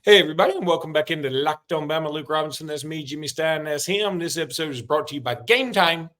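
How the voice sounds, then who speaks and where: A man's voice: fairly high pitch, fast, sharp tone. A man hosting a casual sports podcast, joking and rambling through stories. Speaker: podcast host.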